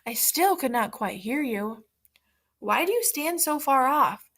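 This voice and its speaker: A woman's voice: sits high, lively intonation, measured pace, a bit bright, pitched above the performer's own voice, full character voice. Woman playing a sly coaxing fox. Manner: coaxing, feigning deafness. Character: sly calm male fox.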